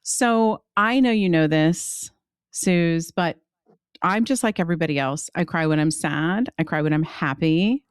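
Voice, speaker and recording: A woman co-hosting a podcast, chatting in an expressive, emotional way with soft gasps and exclamations. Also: fairly low pitch, unhurried, smooth, dry recording, studio quality. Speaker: podcast co-host. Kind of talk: casual podcast chat.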